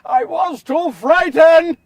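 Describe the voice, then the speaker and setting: An actor playing the remorseful apostle Peter in a confessional first-person monologue, moving between hushed and impassioned. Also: male voice, very high-pitched, takes it slowly, recorded from a distance, heavily acted. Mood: anguished. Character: Simon Peter, remorseful grown man apostle. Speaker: actor in a one-man biblical portrayal.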